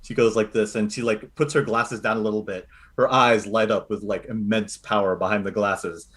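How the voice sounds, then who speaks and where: A man's voice: on the low side, little pitch movement, moderate pace, a bit bright. Man narrating as game master. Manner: loose, hesitant narration with fillers.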